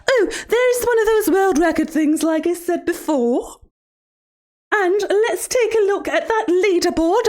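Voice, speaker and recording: A woman doing Mother Gooseberry, shrill and sing-song. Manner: sing-song, mock-sweet, sudden profane outbursts. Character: creepy sing-song woman children's show host. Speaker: streamer. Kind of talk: livestream role-play.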